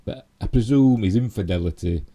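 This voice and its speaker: A middle-aged man with a Yorkshire accent chatting through a casual live stream, rambling with many fillers and asides, his voice a little hoarse. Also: lowish voice, fairly quick, warm tone. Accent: Yorkshire English. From Yorkshire, England. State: slightly hoarse. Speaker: channel host.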